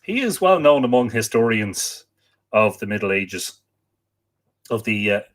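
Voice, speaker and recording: A man's voice: fairly low pitch, very animated, measured pace. An Irish man hosting a live online show, chatting casually and reading out greetings from viewers. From Ireland. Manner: chatty, reads out viewer comments. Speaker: livestream host. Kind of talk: casual livestream chat.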